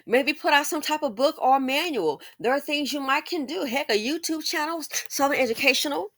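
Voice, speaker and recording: Commentary host: preachy woman, slightly high voice, dry close sound. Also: brisk, fairly bright tone, dry recording. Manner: preachy, emphatic, repeats phrases. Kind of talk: casual commentary monologue.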